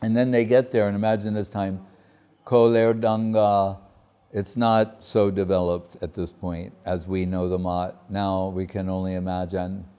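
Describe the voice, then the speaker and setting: A man with a mellow, relaxed voice gives a spiritual talk as a story. He quotes others in a raised, higher voice and laughs often along the way. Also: unhurried, clear, resonant tone. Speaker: spiritual speaker.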